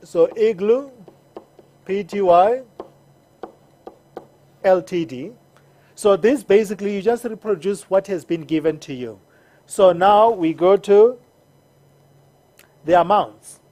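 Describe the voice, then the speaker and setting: Slow, patient accounting teacher. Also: medium pitch, dark tone, slight background noise. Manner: patient, repeats steps and checks in with "all right?". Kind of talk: screen-recorded lesson.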